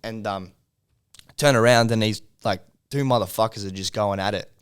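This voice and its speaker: A man's voice: lowish voice, normal speed, smooth. An Australian man, a music video producer, tells a story on a casual podcast, swearing freely and rambling with frequent laughs. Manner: profane, rambling, laughs often.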